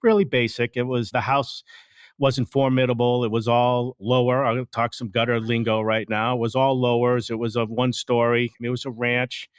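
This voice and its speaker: A man's voice: medium pitch, moderate pace, clean tone, no echo, studio quality. A man talking enthusiastically as a guest in a casual podcast interview, telling stories about his business. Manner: enthusiastic, animated storyteller. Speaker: franchise owner, guest.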